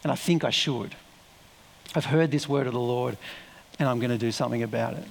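A man's voice: medium pitch, fairly quick, gravelly, voice pushed down. A man voicing a desperate, worn-down widowed mother in a sermon, speaking earnestly in a large reverberant hall. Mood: resolute.

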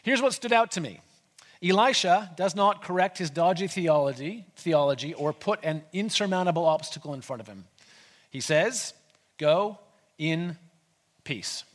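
A man's voice: sits high, moderate pace. Chatty preacher man in a reverberant hall. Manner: conversational, animated retelling with asides. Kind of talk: sermon.

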